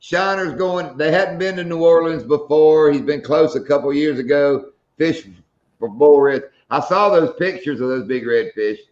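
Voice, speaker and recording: Host, joking man, fairly high voice, roomy dull sound. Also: moderate pace, a little mellow. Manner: joking storyteller. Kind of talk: casual live-stream chat.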